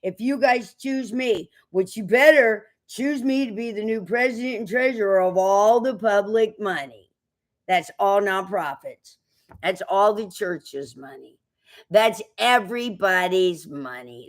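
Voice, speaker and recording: A woman ranting defiantly into the camera, cursing and preaching, jumping from loud outbursts to low mutters. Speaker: online commentator.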